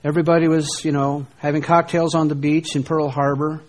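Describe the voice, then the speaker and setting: A middle-aged man from the United States delivers a sermon in a fairly high voice. He drops to hushed, low lines, then rises into emphatic questions. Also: level tone, fairly quick. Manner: preaching, shifting between soft hushed lines and emphatic rises. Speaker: pastor.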